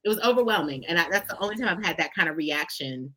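A woman guest on a talk show, telling stories in an expressive, folksy way and often addressing listeners directly. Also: lowish voice, fast. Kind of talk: conversational storytelling.

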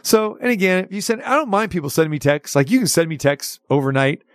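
A male talk show host telling a long story in a chatty, animated way, with lots of restarts. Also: a little high, fast talker, no echo, clean studio sound. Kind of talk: casual storytelling chat.

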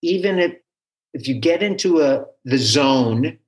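Male guest teacher, slow and halting, voice pitched a little high. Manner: animated, halting, restarts often. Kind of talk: conversational interview.

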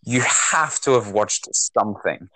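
Chatting casually on a podcast he co-hosts, a young man rambles with lots of fillers and restarts. His voice is lowish, bright and forceful, a little slow, recorded without echo.

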